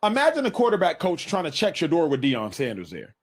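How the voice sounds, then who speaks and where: A man leading a sports talk debate with a playful, provocative edge, tossing questions at his co-hosts. His voice sits high for a man and bounces animatedly up and down. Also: huge pitch swings, brisk, slightly rough. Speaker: sports talk panel host.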